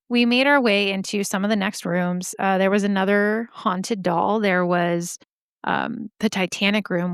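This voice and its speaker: Woman podcast host, candid storyteller, smooth, clean dry close sound. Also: medium pitch, a bit bright, no room sound. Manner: candid, chatty, swears freely. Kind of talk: casual storytelling.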